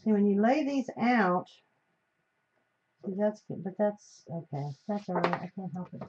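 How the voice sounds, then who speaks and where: A woman's voice: mid-range voice, unhurried, a little mellow. A woman from the United States hosting a live stream while she crafts, talking in a chatty, rambling way that often trails off mid-sentence. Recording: slightly dull, faint hiss.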